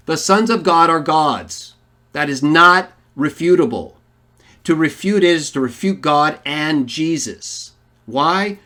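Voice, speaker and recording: A man's voice: medium pitch, a bit bright. A man giving a polemical Bible lesson, arguing emphatically and posing rhetorical questions to his listeners. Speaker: online Bible teacher.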